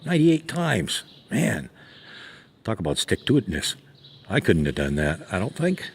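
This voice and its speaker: A man's voice: low-pitched, sing-song, a little slow, slight background noise. A man giving a casual spoken lesson on horse training, talking in a rambling, folksy way with plenty of fillers and restarts. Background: horses nearby.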